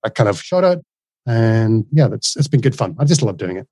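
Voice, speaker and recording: A man in his forties with a softened Northern Irish accent blended with Australian, talking earnestly as an interview guest in long runs with frequent restarts. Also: on the low side, sing-song, moderate pace, dry recording. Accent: softened Northern Irish, mixed with Australian. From Northern Ireland. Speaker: guest, course creator. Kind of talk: casual interview conversation.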